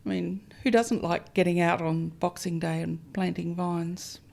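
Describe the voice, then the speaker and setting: A woman's voice: on the low side, level tone, a little slow, creaky, a little mellow. A middle-aged Australian woman from Melbourne, a winemaker, answering interview questions in a chatty, self-deprecating way with small hesitations. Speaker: winemaker, guest.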